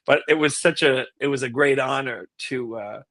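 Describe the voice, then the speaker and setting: A man who is a classical tenor, telling a lively story as a podcast guest. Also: medium pitch, normal speed, no room sound. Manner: animated storyteller who acts out quotes. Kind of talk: casual anecdote on a podcast.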